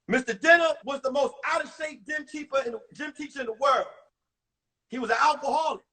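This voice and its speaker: A male comedian telling animated stories from high school in a one-man show on a livestream. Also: fairly quick. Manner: animated, acts out voices. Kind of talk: stand-up storytelling. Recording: distant mic on a phone livestream.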